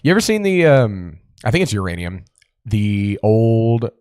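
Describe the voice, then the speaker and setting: A man's voice: fairly low pitch, big pitch swings, measured pace, a little mellow, smooth, no echo, clean studio sound. A man co-hosting a podcast in loose, casual chat, swearing and drifting into playful put-on voices. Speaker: podcast co-host.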